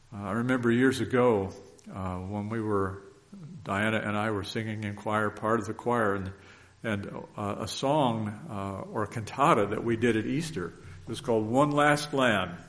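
A man's voice: mid-range voice, fairly bright tone. A man preaching a conversational sermon in an earnest, folksy way, often restarting his sentences.

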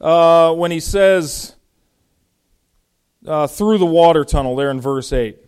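A man teaching through a Bible passage verse by verse in a conversational, animated way, with frequent fillers and restarts. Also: a little high, slow, smooth. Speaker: pastor.

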